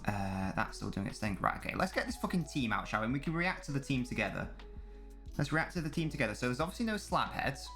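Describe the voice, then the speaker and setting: A man's voice: mid-range voice, big pitch swings, fast, a bit bright, soft background music. Streamer chatting with his live chat. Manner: casual, swears, banters with chat, reads messages aloud. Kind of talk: live football watch-along chat.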